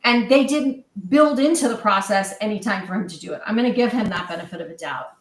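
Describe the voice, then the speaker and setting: A woman hosting a panel discussion on sales, telling stories in an animated, conversational way. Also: medium pitch, quick pace, reverberant, distant mic, a little hiss or hum, rough recording. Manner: storytelling, animated, quoting others. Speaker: host.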